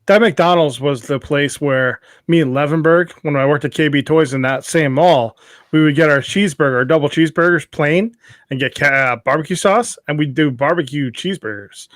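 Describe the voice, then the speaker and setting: A man with a somewhat high voice chats bluntly on a podcast, swearing freely and hammering his points. The recording is dry and close. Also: a little fast, a bit bright, no echo. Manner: blunt and profane, emphatic. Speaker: podcast co-host. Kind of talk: casual chat.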